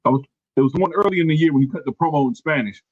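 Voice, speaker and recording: A man's voice: on the high side, very fast, breathy edge, phone-quality sound. A man co-hosting a wrestling podcast in casual, slangy chat, laid-back and sometimes searching for names. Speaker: podcast co-host.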